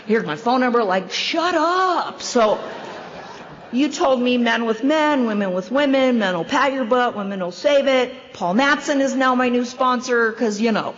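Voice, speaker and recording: A woman in her fifties or older giving a wry, self-deprecating recovery share as a convention speaker at a podium microphone. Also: fairly high pitch. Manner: wry, self-deprecating storytelling with quick asides. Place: large hall. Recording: dull, echoey hall recording.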